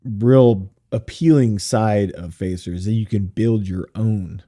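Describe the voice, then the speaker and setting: A man in his forties co-hosting a tech podcast, telling stories in relaxed casual chat. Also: fairly low pitch, a little slow. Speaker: podcast co-host.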